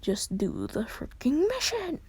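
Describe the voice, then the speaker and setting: Woman doing a mocking young assassin girl: sarcastic, husky, gravelly fry. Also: medium pitch, lively intonation, slow pace, a little mellow, exaggerated voice.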